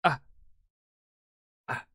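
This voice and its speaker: A man's voice: drawn-out words, sharp tone, no room sound, studio quality. A man, a historian, reacting casually to a video with loose, filler-heavy talk.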